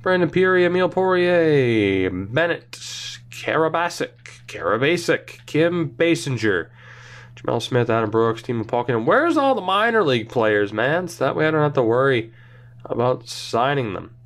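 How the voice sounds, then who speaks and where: A young man talks over his hockey video game in a loose, rambling way, poking fun at himself as he goes. His pitch swings widely, rising and dipping as he reads off names. He sits at a middling pitch for a man. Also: big pitch swings, moderate pace. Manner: rambling, self-mocking, thinks aloud while reading names. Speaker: gaming channel host. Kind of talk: casual gameplay commentary.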